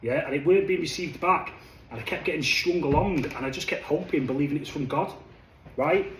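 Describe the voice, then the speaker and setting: A man's voice: a little high, fairly quick, a little hiss or hum. Chatty man, echoey room. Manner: chatty, animated, says "lad" and "flipping" a lot. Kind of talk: casual monologue to camera. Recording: echoey room, faint ambience.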